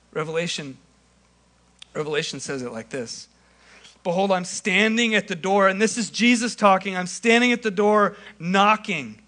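A young adult male pastor preaching a sermon, acting out scenes with animated storytelling. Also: high-pitched.

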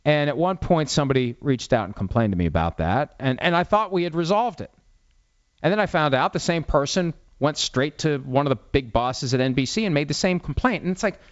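A man's voice: fairly high pitch, lively intonation, fairly quick, no room sound, dull audio. A man in his forties, a sports writer and host, talking candidly and bluntly with many restarts. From Italian-American. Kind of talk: casual talk answering listener questions.

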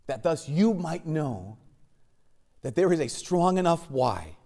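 A man, a Catholic priest, preaching a sermon with wry asides, swinging from urgent questioning to hushed emphasis. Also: fairly high pitch, sing-song, slow pace.

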